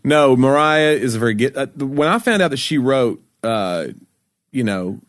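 A man's voice: medium pitch, lively intonation, normal speed. A man co-hosting a podcast in casual chat, joking and teasing. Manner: joking, teasing, breaks into mock impressions. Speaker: podcast co-host.

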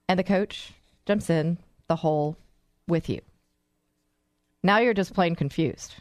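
A woman's voice: lowish voice, unhurried, pauses often, no room sound, studio quality. A woman hosting a talk show, addressing listeners in an enthusiastic, storytelling way. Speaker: host.

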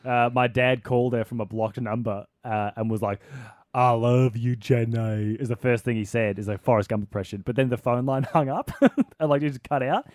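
A man's voice: medium pitch, brisk, few pauses, a little mellow, no room sound. Young man, podcast co-host, rambling casual chat, laughs a lot, dry close sound.

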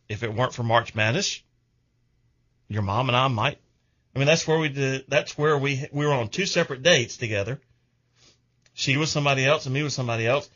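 A man's voice: mid-range voice, bright, forceful tone, lo-fi sound. A middle-aged man, hosting a radio show in casual, rambling chat.

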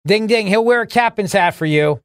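High-voiced sarcastic male radio host. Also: a little fast, a bit bright, clean tone, dry recording, studio quality. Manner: sarcastic, rambling, laughs at his own jokes. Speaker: radio talk show host. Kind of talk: joking radio banter. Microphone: studio microphone.

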